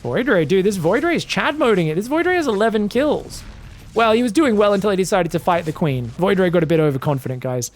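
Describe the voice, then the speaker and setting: Man, esports caster, solo play-by-play, excitable, chatty asides to viewers. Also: sits high, fast. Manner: excitable, shouting reactions to plays. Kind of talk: solo game commentary.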